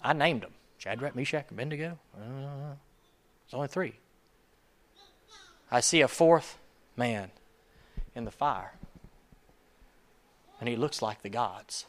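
A man preaching a sermon in a conversational, emphatic way, swinging from soft asides to loud urgency. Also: mid-range voice, animated, slow pace, long pauses. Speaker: pastor.

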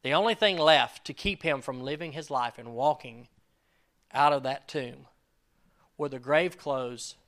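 An earnest male pastor delivers a sermon in a bright, forceful voice. He acts out quoted prayers and lines, swinging from loud emphasis to quiet, intimate asides. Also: mid-range voice, measured pace.

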